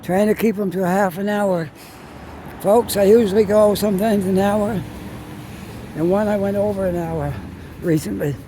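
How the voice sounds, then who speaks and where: Narrating casually as he strolls city streets, a walking vlogger from Canada rambles and thinks aloud into a phone he holds while moving. Outdoor street noise runs behind him. He has a high-pitched voice with fairly even intonation and a moderate pace.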